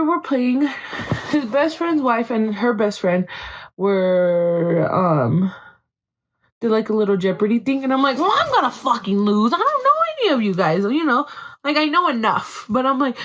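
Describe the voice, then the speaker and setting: A woman's voice: mid-range voice, low-quality recording. A young woman hosting her own podcast, telling a story in a chatty, swearing way and slipping into Spanish now and then. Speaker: podcast host. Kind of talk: casual chat.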